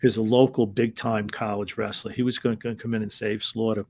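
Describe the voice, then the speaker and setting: A man's voice: on the low side, flat delivery, fairly quick, a little mellow, slightly rough. A man, a former wrestling referee, telling anecdotes in an interview in a hesitant, rambling way and chuckling as he goes. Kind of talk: casual anecdotal storytelling.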